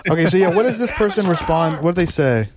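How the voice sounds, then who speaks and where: Fast, animated man riffing crudely. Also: fairly high pitch, a crowd in the background. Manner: animated, quick, profane, incredulous. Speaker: podcast co-host. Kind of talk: crude comedic banter.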